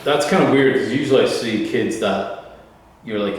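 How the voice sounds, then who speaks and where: A man in casual bar chat, tossing in quick wisecracks. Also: medium pitch, far from the mic. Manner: quick wisecracking interjections, lively intonation. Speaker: vlog co-host. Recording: very echoey room with long reverb.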